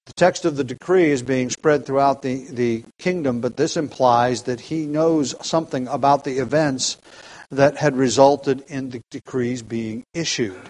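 A man in a mid-range voice leads an evening Bible study. He teaches in a measured, reflective way, often restarting sentences and pausing on fillers. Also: mid-range voice, darkish tone. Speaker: pastor leading a Bible study.

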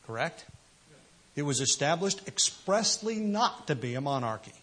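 A man's voice: a little high, sing-song, normal speed, fairly bright tone, husky. A man preaching a sermon, emphatic and full of rhetorical questions. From United States. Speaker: pastor.

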